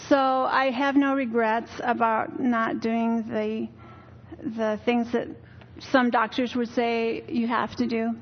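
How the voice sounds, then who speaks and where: A woman's voice: a little high, little pitch movement, takes it slowly, highs cut off. An older woman giving a weary, earnest personal testimony in church, telling her story candidly. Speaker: church speaker.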